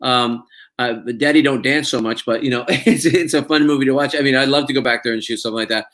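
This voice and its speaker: A man's voice: medium pitch, quick pace, fairly bright tone. Chatty man telling anecdotes. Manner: chatty storyteller, laughs often. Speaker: actor and interview guest. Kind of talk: casual interview chat.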